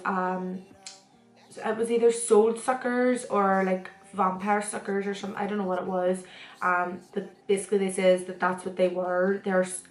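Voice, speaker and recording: A young woman, a makeup artist, talking casually to camera in a rambling, chatty way full of fillers and restarts. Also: mid-range voice. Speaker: makeup artist and beauty vlogger. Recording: roomy echo.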